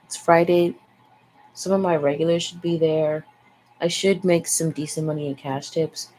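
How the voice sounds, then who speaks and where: A woman's voice: sits low, steady tone, normal speed, a little mellow, low-quality recording. A young woman vlogger chatting in a frank, rambling way, sighing and swearing freely. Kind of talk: casual rambling chat. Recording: faint background noise.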